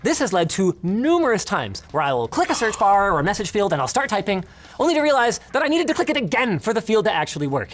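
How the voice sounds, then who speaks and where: A woman's voice: mid-range voice, big pitch swings, quick pace. A woman presenting a scripted tech review, complaining emphatically with a sarcastic edge.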